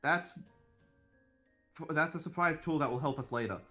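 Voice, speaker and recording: A man's voice: fairly high pitch, moderate pace, faint music behind. A man running a tabletop role-playing game as game master, swearing and arguing with his players with good humor. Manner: exasperated, swearing, lively. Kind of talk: casual tabletop banter.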